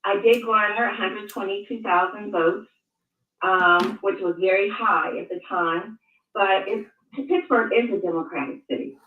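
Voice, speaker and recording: An older woman, a guest, who speaks in a measured, halting way and often restarts her words. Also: medium pitch, a little hiss or hum. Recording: tinny phone-like line, echoey, far from mic.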